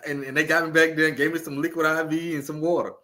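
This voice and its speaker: A young man, chatting casually as a podcast guest, animated and quick to laugh, repeating his lines as he tells stories. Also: fairly high pitch, very noisy. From Louisiana. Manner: animated storyteller, laughs often, repeats himself.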